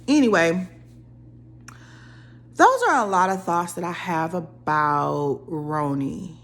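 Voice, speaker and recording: A young woman holds forth on a reality series in a casual, opinionated rant. Her delivery is animated, and her voice leaps up sharply whenever she acts out what someone else said. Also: lowish voice, slow. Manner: animated, opinionated, dramatic voice jumps when quoting people. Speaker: reality TV commentator.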